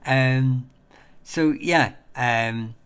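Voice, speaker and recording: Answering questions from viewers on a casual live stream, the host is halting and chatty, putting himself down and restarting often amid ums. His voice is mid-range, smooth, and a bit bright.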